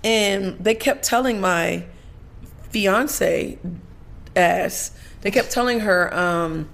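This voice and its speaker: A woman's voice: mid-range voice, very slow, gravelly, fairly bright tone. A woman guest talking candidly and profanely in a casual chat, often laughing.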